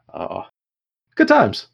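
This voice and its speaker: Gravelly-voiced man running the game. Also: medium pitch. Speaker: game master. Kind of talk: narrating a tabletop game.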